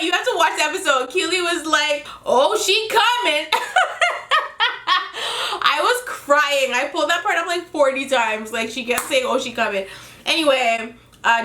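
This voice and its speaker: A woman giving a casual, profane recap of a reality TV episode, animated and often laughing as she quotes the cast. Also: high-pitched, echoey room.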